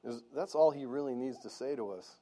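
A man's voice: mid-range voice, fairly quick, warm tone. A male pastor preaching in church, earnest and conversational, asking the congregation questions as he goes. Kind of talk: sermon.

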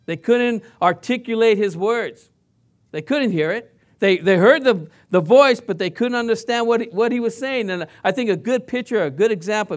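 A man preaching a sermon in a conversational way, asking the congregation questions and mimicking sounds to make his points. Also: high voice. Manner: playfully mimics sounds and voices to illustrate points. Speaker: pastor.

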